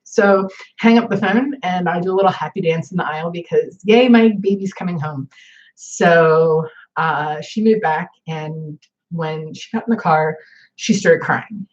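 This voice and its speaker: A woman's voice: deep voice, a little slow, muffled recording. A woman in her forties chatting casually in a home vlog, rambling with lots of fillers. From northern United States. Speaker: vlogger. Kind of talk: casual chat.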